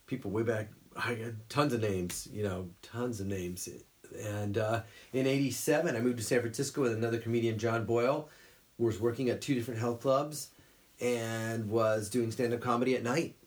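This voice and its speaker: A middle-aged man, a voice actor, telling career stories in a relaxed interview and slipping into quick character voices. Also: medium pitch. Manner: animated storyteller who slips into quick character voices. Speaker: guest voice actor. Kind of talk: casual interview storytelling.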